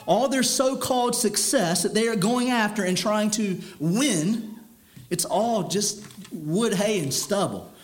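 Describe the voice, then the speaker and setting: Male preacher, higher register, stern and earnest sermon delivery with restarts. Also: slow pace, faint music behind. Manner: earnest, stern, repeats words while building a point.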